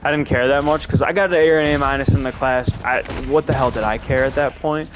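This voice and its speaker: A man's voice: mid-range voice, steady tone, fast talker. A young man with a mid-range voice chats through a gameplay session, drifting between game moves and long, rambling anecdotes. His talk is loose and laid-back, with frequent swearing, over a noisy background. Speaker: gameplay commentator. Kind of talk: casual gameplay commentary with storytelling.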